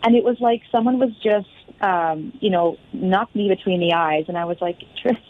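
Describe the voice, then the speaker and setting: A woman's voice: lowish voice, moderate pace, phone-quality sound. A woman, a fitness studio owner, telling her story as a guest and acting out the conversations she recalls. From Canada. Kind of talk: interview storytelling.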